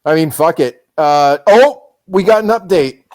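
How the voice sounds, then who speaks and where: Male livestream host, New Hampshire native, foul-mouthed and cocky, a bit high-pitched. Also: lively intonation, unhurried, darkish tone. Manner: profane, joking and boastful. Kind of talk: casual livestream commentary.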